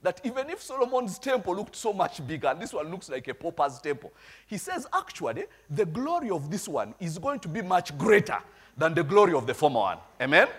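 A man's voice: sits high, sing-song, fairly quick, fairly bright tone, husky. A middle-aged man, preaching a storytelling sermon and checking in with his congregation. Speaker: pastor.

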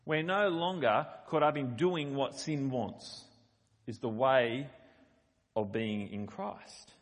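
A man's voice: medium pitch, takes it slowly. A middle-aged man giving a sermon in a conversational, emphatic way, reading scripture and explaining it. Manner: conversational, emphatic on quoted lines. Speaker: preacher. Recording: long hall reverb.

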